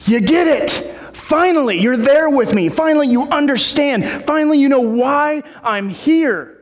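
A man's voice: high voice, animated, slow. A man voicing Jesus as an exasperated teacher pressing his followers with repeated questions, in a big echoing hall. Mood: relieved. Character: exasperated adult male teacher, Jesus, pleading.

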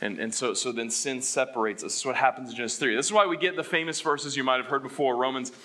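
A man preaching a sermon as pastor, asking the congregation questions and swinging between loud emphasis and hushed statements. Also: mid-range voice, quick pace.

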